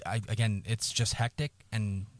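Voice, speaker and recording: Halting low-voiced man telling a personal story. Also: level tone, no room sound. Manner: halting, repeats words, swears often. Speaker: podcast co-host.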